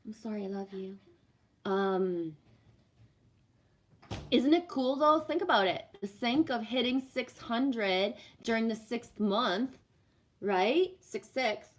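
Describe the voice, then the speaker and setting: A woman's voice: on the high side, takes it slowly, long pauses. A woman reading cards on a live stream, chatting casually, swearing freely and answering viewer comments. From Canada. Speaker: livestream card reader.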